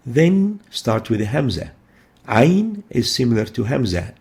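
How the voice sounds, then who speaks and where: A man teaching pronunciation in a lesson, explaining each sound slowly and repeating it in drills. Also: mid-range voice, very animated, creaky, darkish tone.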